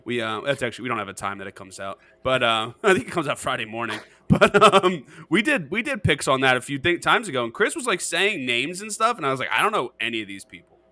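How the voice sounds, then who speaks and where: Lively, joking man with a bright voice. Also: medium pitch, fast, few pauses, dry recording. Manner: jokey and self-mocking, laughs often. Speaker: podcast co-host. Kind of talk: casual sports chat.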